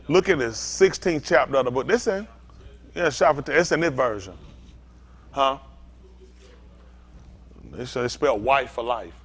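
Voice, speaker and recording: A man preaching an informal sermon, telling a story and acting out both sides of it with lots of laughter. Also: fairly high pitch. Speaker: pastor.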